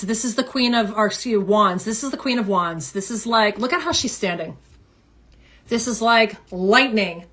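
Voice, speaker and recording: A woman giving a casual tarot reading, animated and emphatic, repeating phrases for effect. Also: a little high. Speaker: tarot reader.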